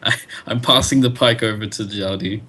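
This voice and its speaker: A man's voice: lowish voice, normal speed, bright, forceful tone. A man playing in a tabletop game over a video call, often hesitant and restarting his sentences. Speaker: player.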